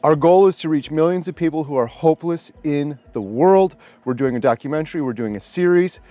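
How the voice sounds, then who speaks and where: A man's voice: a little high, a little fast, dark tone, no echo. A man making an earnest, plain-spoken appeal to camera as a documentary filmmaker.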